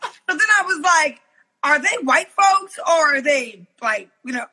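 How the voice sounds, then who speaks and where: A woman with a raspy voice, a football coach talking as a guest on a video call, telling stories animatedly and acting out quoted voices. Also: high-pitched, a little slow, poor audio. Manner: animated storytelling, acts out quoted voices, laughs often. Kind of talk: casual interview chat.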